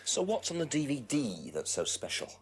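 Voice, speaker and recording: An actor playing a calm male police inspector in a detective video game, questioning a suspect in a measured and persistent way. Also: medium pitch. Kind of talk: FMV game acting.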